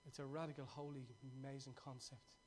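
A man preaching a fervent, storytelling sermon that swings from loud to hushed. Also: mid-range voice, little pitch movement, a little fast.

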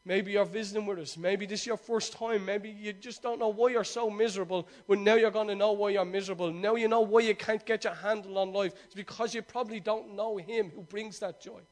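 A male pastor preaching and praying fervently, repeating phrases and swinging from hushed prayer to loud exhortation. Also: sits high, fairly even intonation, a little fast, hardly any pauses. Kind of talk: sermon with prayer.

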